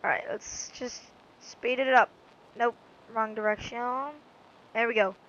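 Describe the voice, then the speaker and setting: A woman's voice: fairly high pitch, steady tone, a little slow, fairly bright tone, muffled recording, slight background noise. A woman giving rambling, goofy, self-mocking commentary while she plays a game. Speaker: let's-play gamer. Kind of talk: casual gameplay commentary.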